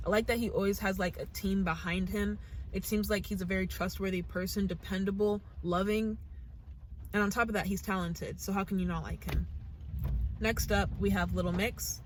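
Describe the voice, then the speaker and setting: A woman's voice: medium pitch, fairly even intonation, moderate pace, a little hiss or hum. A young American woman hosting a reaction channel, talking to camera in a casual, earnest, gushing way and thinking aloud with restarts. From United States.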